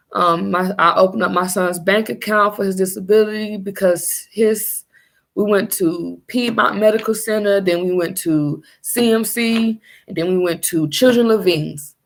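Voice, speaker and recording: A young woman telling her own story as a mother in a personal vlog, halting and searching for her words. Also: on the low side, gravelly.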